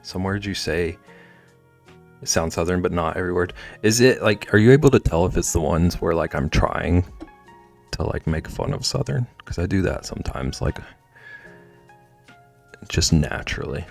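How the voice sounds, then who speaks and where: A man's voice: deep voice, lively intonation, normal speed, gravelly, pauses often. A man streaming casually while drawing, rambling and chatty, often trailing off into mumbles. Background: faint background music.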